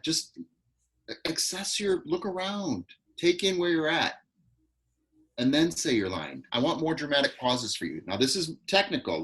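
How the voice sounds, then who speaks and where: A man acting coach leading a live online class, giving quick, directive notes over a video call. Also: fairly high pitch, fairly bright tone, poor audio.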